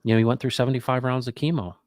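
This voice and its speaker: A middle-aged man hosting a casual talk, reflective and animated, acting out the people in his stories. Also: medium pitch, very fast, no echo, clean studio sound. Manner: animated, acts out quoted dialogue; reflective, faith-minded musing. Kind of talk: casual conversational storytelling.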